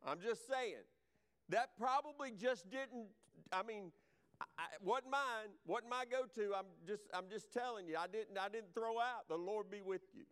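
A male pastor, preaching a sermon to a church congregation. He swings between loud, proclaimed lines and quiet, chatty asides. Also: high voice, measured pace, clean tone. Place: church sanctuary.

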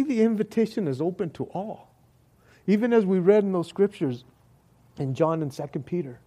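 Slow, earnest male preacher with a mellow voice. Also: high voice. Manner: slow, earnest preaching that drops to soft, hushed tones. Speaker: pastor. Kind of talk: sermon. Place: church hall.

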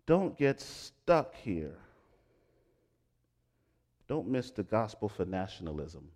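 Animated man preaching a sermon. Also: on the high side, moderate pace. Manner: animated preaching, swinging from loud to hushed. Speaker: pastor.

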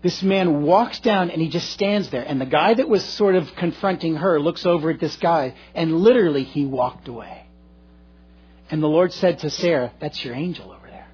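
A middle-aged male pastor preaching a sermon, telling a story earnestly and swinging between loud and hushed delivery. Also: on the high side, moderate pace, husky, faint music behind. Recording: dull lo-fi recording.

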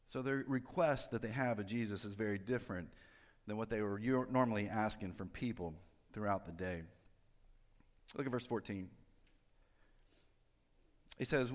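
A man's voice: on the low side, normal speed, pauses often. A man preaching a sermon in a church, explaining scripture in a conversational way, with fillers and joking asides. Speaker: pastor. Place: church sanctuary. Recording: long hall reverb.

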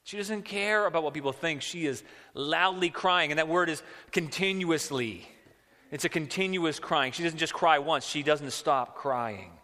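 A man's voice: on the high side, moderate pace, pushed and bright. A man preaching a sermon as a pastor, talking conversationally and acting out quotes. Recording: long hall reverb.

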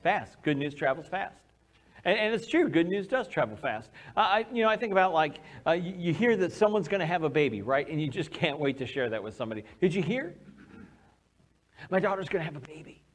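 A man preaching a sermon as pastor, telling a personal story with animated, acted-out quotes. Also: on the high side, fairly quick.

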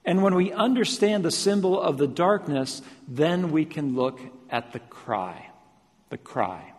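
A man's voice: fairly high pitch, animated. Preaching man in a reverberant hall. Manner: builds to loud emphatic repetitions, then drops soft and slow. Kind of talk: sermon. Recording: long reverb of a large hall.

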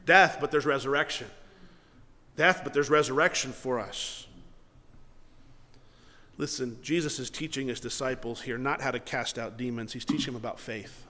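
A man's voice: mid-range voice, normal speed, pauses often. Earnest preaching man in a hall. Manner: earnest preaching, swings from loud to quiet, ends in prayer. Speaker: pastor. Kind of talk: sermon.

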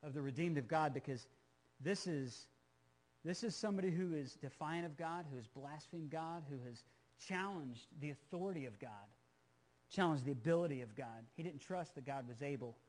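A male preacher with a noticeably high voice teaches from scripture in an earnest, emphatic way. He doubles back on phrases for stress and turns to his listeners with casual asides. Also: moderate pace, a little mellow. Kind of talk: sermon, Bible teaching.

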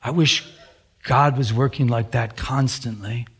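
A man's voice: medium pitch, steady tone, measured pace, breathy edge. A male pastor preaching a sermon, telling a personal story in an earnest way with frequent restarts.

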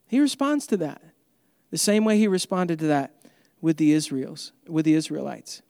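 A man's voice: sits high, very animated, moderate pace, a little mellow, dry recording, clean studio sound, big-room sound. A man preaching an earnest, conversational sermon as pastor.

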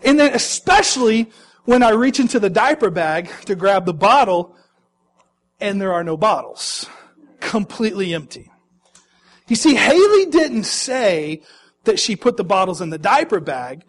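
A young pastor with a notably high voice tells an audience about a mishap of his own. He is animated and pokes fun at himself as he goes. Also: unhurried. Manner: animated, self-mocking storyteller. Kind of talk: personal anecdote told to an audience.

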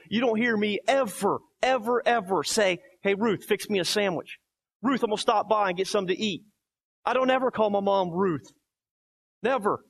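A pastor in his thirties preaching a sermon, emphatic, swinging between soft quoted lines and loud barking. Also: high-pitched, vocal fry.

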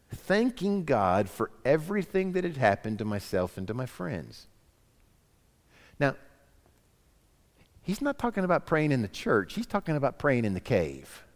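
Animated preacher in a church hall. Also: male voice, medium pitch. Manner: animated preaching, drops to soft quoted lines. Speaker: pastor. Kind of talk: sermon.

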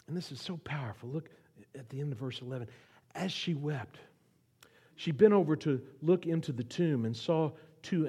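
A man delivering a sermon as a guest pastor, swinging from loud pleas to hushed whispers and asking the congregation to repeat lines. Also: fairly high pitch, slightly rough. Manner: asks the audience to repeat lines.

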